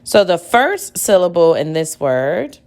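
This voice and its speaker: A woman's voice: fairly low pitch, sing-song, a little slow, darkish tone. A woman teacher giving a recorded reading lesson for children at home, patiently sounding out words aloud.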